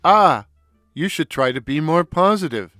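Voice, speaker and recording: A man voicing a loud, goofy, stocky Brooklyn comic figure, childlike and bewildered, who bursts into squeaky falsetto and stammers. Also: animated, unhurried, no echo, clean studio sound, faint music behind. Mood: cheerful. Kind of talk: audio story reading.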